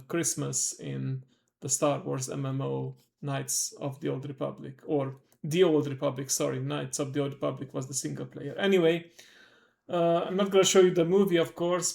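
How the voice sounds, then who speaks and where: A man hosting his livestream talks casually, rambling through fillers and quick self-corrections. His voice is gravelly with plenty of fry. It sits a bit high for a man. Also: a little mellow. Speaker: streamer host.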